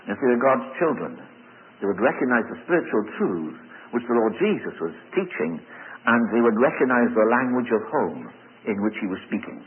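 A man preaching an expository sermon, emphatic and animated, often stumbling over repeated words. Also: medium pitch, normal speed. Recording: tinny phone-like sound in a reverberant hall.

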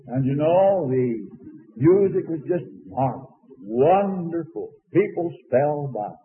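An older man preaching a sermon in a folksy storytelling way, swinging from loud to soft. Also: a little high, animated, slow pace, a little hiss or hum. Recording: phone-like sound, long hall reverb.

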